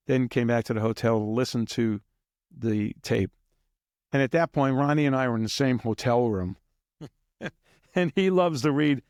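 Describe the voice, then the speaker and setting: A man with a gravelly, fry-laden voice tells story after story as an interview guest, rambling and chuckling and now and then imitating drum beats. The recording is dry and close, with no room sound. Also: medium pitch, a little mellow, no room sound. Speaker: guest drummer. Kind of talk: casual anecdotal storytelling.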